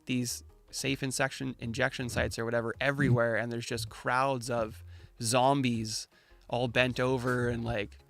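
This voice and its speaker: A man's voice: mid-range voice, little pitch movement, measured pace, gravelly, fairly bright tone, dry recording. A man hosting a casual, opinionated chat, ranting in slang and mocking the voices of the people he quotes. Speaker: crypto channel host.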